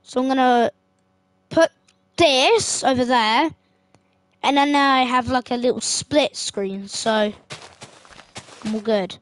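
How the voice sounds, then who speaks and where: A woman giving casual, excitable gameplay commentary as a streamer. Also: sits high, slow, pauses often, dry recording. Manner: excitable, yelps and exclaims while playing. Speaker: gaming streamer.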